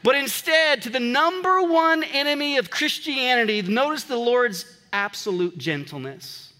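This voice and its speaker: A man pastor preaching an animated sermon to his congregation, breaking off now and then to joke with them, recorded in a church. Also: very high-pitched, a little slow, big-room sound. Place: church sanctuary.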